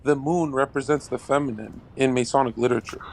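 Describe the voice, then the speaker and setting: A man's voice: medium pitch, fairly even intonation, a little fast, a little hiss or hum. A man on an online voice call, debating provocatively and laughing at his own jokes.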